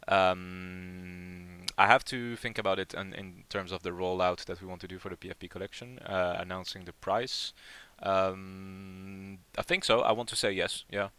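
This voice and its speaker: Deep-voiced man in casual chat. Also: flat delivery, moderate pace, pushed and bright, clear, resonant tone, no room sound. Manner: rambling and chatty, with many fillers and repeats. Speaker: project lead hosting a community AMA.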